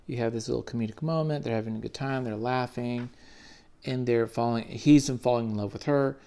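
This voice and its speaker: Gravelly-voiced dude reviewing comics, hyped and slangy, swears a lot, mid pitch. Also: male voice, fairly even intonation, fairly quick, mellow. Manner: enthusiastic, slangy, swears casually. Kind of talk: casual comic book commentary.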